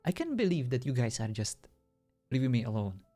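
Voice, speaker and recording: Brief: playful male host, lively swooping pitch, teasing banter. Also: a little fast, soft background music. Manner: joking, teasing, laughs often. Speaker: host of a mock podcast in a game stream. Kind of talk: casual voice chat banter.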